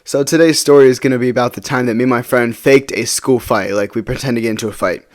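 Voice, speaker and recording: A man's voice: mid-range voice, steady tone, quick pace. A young man casually telling a school story to his channel, rambling and tossing in "right?" often. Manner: rambling, repeats words and fillers like "right?".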